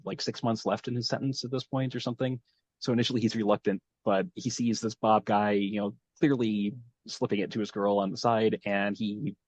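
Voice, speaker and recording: A man's voice: fairly low pitch, a little mellow, dull audio. A man hosting a podcast, recapping a show in meandering, casual talk as he thinks aloud. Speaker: podcast host. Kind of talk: casual chat, episode recap.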